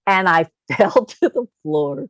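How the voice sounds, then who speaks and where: A woman's voice: lowish voice, lively intonation, takes it slowly, no room sound. A woman telling a personal story in a casual chat, emotional and laughing often as she talks. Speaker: guest.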